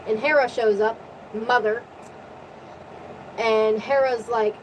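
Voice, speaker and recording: A woman with a fairly high voice rants through a story recap, animated and swearing freely. Her voice sounds tired from talking a long time, with a faint hum of background noise. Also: low-quality recording. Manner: animated, profane, rapid recap. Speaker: vlogger. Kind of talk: casual storytelling rant.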